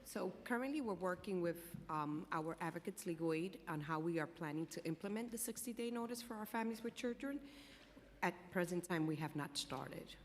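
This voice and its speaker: A woman official gives brief, careful answers in a very low voice. The long reverb of the chamber and a faint background hum surround her. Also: animated, brisk. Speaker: agency official. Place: council chamber.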